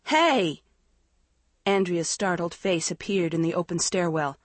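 A woman reading a suspense novel aloud in a measured, steady narration. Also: on the low side, dry recording. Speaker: audiobook narrator. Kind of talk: scripted narration.

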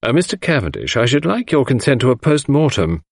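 A man's voice: mid-range voice, sing-song, creaky, husky, dry recording, studio quality, voice pushed up, exaggerated voice. A man voicing a portly, fussy little older male doctor who drags out his words in an audiobook reading. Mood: brisk. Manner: fussy, drawn-out murmuring.

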